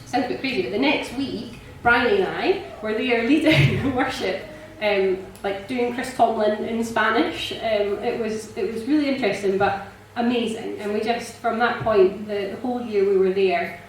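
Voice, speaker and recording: A woman sharing a personal testimony in church, chatty and animated, laughing often and filling pauses with ums. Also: on the high side, slight background noise. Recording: echoey church hall, mic from a distance.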